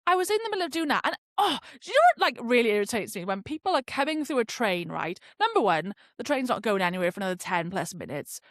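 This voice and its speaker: A woman hosting a podcast, telling a story in a chatty, animated way and swearing freely. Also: on the high side, fast talker, few pauses, no echo, studio quality. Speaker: podcast host. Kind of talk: casual storytelling monologue.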